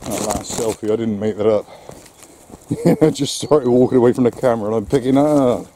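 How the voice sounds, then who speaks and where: A man's voice: mid-range voice, brisk, dark tone. A man walking his dog along the coast, vlogging casually to his camera, talking to the dog and out of breath as he climbs. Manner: plain-spoken, talks to his dog. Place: outdoors on a windy coast. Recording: wind noise on the mic outdoors.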